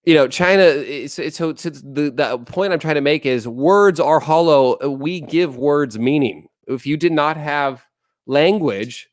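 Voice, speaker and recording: Male streamer in his thirties, casual and profane, smooth voice, dry close-mic sound. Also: a little high, unhurried, no room sound. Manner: blunt, profane, rambling, reads chat aloud. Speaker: livestream host. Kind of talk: casual livestream chat.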